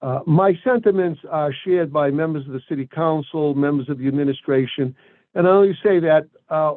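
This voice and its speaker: A man from Brockton, an attorney, making a formal, deliberate address to a board, pausing often with ums and uhs. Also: on the high side, no room sound. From Brockton, Massachusetts. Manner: deliberate, formal phrasing with frequent hesitations. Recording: dry, tinny phone-like sound.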